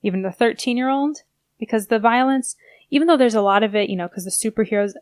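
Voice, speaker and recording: A woman's voice: fairly high pitch, no echo. Woman co-host, casual book chat, rambling delivery, dry close recording. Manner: chatty, rambling, quick bursts. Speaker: podcast co-host.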